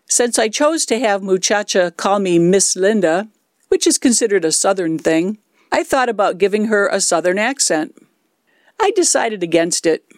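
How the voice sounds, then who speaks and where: A woman in her sixties speaks in a low-set alto, clear and measured as she explains things step by step. Her voice is recorded close and dry, with no room sound around it. The pitch sits in a middling range for a woman. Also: no echo. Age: 60s. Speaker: lay worship leader doing puppet ministry. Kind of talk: instructional talk.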